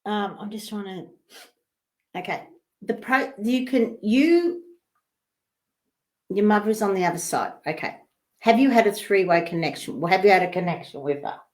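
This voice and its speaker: A woman's voice: medium pitch, animated, moderate pace. A woman hosting a live online talk, chatting loosely and reading out viewer comments, rambling with fillers and restarts. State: coughing and sneezing at times.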